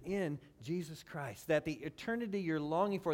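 A man preaching a sermon, swinging between loud emphatic build-ups and low, quiet passages, with wry asides to the congregation. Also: expressive, normal speed, hardly any pauses. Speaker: pastor.

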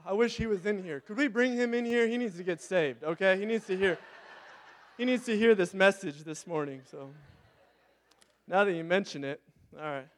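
A man's voice: sits high, normal speed. A young man, a pastor, giving a sermon with personal stories that rise into fervent preaching. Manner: storytelling, rising to fervent preaching.

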